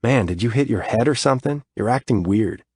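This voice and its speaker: A man reading a brusque young male friend who gives short, gruff orders. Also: medium pitch, expressive, fairly quick, a little mellow, no room sound, clean studio sound, pitched above the performer's own voice. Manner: curt, gruff instructions.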